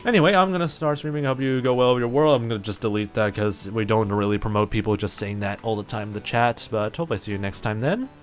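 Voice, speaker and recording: A man's voice: lowish voice, fast, hardly any pauses, soft background music. A young man with a New Zealand accent and a sore throat, rambling casually with lots of fillers and mock exasperation while streaming a game. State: sore throat and stuffy nose. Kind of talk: casual live-stream chat while gaming.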